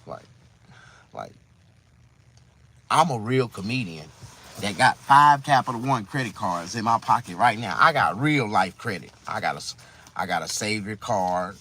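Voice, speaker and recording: A comedian man talking casually to his viewers, telling rambling, profane stories that swing between loud outbursts and low asides. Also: animated, measured pace, pauses often, a little hiss or hum. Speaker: stand-up comedian. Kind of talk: casual monologue to camera.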